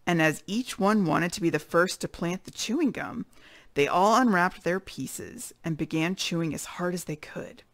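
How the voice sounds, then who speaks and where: A woman reading a children's chapter book aloud with expressive storytelling. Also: on the low side, normal speed, no room sound. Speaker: read-aloud narrator.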